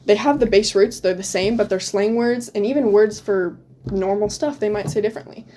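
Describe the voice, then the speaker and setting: Chatty teenage girl with mellow voice. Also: mid-range voice, fairly quick, slight background noise. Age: teens. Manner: chatty, many "um" and "like" fillers, laughs often. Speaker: guest, returned exchange student. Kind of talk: casual interview answers.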